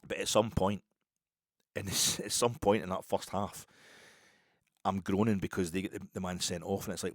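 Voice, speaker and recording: A man's voice: sits low, steady tone, moderate pace, pauses often, no echo, clean studio sound. An older Scottish man hosting a podcast, telling a self-deprecating story in a rambling, casual way with many restarts. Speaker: podcast host.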